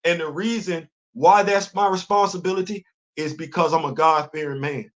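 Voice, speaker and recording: A man's voice: fairly high pitch, fairly even intonation, moderate pace. A middle-aged man hosting a livestream, talking fervently and colloquially in a preachy tone as he answers his live chat. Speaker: livestream host. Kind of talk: impassioned livestream commentary.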